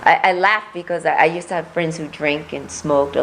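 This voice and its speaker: A woman running for office, answering interview questions in a soft voice that lacks volume, earnest and repeating words as she builds her point. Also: low voice, steady tone, a little fast, few pauses, a little hiss or hum, low-quality recording. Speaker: political candidate.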